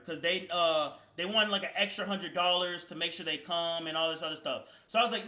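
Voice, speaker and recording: Streamer man, bright high voice, profane rambling storyteller, echoey room. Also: a little fast, few pauses. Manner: profane, slang-heavy, rambling, bursts into shouting. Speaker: live streamer. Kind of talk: casual storytelling to stream chat.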